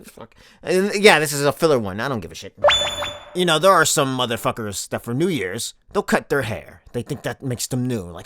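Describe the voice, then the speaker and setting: Profane, lively, sarcastic male ranter. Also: a little high, no room sound, studio quality. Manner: crude, sarcastic, rambling with stammered restarts. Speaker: comedy YouTuber. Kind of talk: profane comedic rant.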